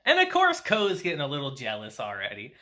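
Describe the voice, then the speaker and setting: A young man talks through an anime episode in a chatty, offhand review, breaking into laughter every few lines. His pitch swings up and down all the time, and his tone is bright and forward. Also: fairly quick. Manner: laughs often while recapping, chatty and animated. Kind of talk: casual episode recap and review.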